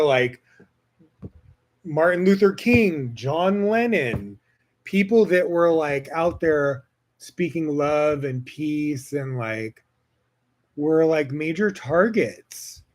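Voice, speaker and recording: A man hosting a solo podcast, talking in a casual, rambling way with lots of fillers and swearing. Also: a little high. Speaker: podcast host.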